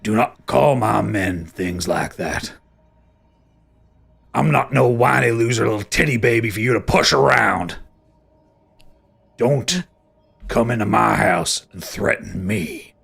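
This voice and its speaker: Guy doing a crude touchy lord, gravelly raspy low voice, blustering and indignant in a tabletop game. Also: slow pace, pauses often, a bit bright, exaggerated voice. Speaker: player voicing a lord. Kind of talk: tabletop role-play.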